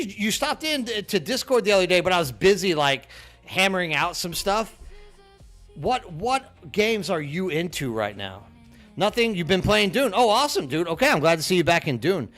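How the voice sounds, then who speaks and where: Chatty middle-aged man streaming, slightly high. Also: a bit bright. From Texas, USA. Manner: chatty, friendly, says "dude" a lot, stumbles and repeats words. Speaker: game streamer. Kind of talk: casual live-stream chat with viewers.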